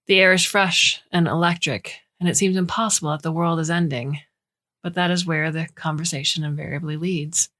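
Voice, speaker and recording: A woman narrating a science fiction story in measured, clear storytelling. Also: deep voice, steady tone, fairly bright tone. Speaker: audiobook narrator. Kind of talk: scripted narration.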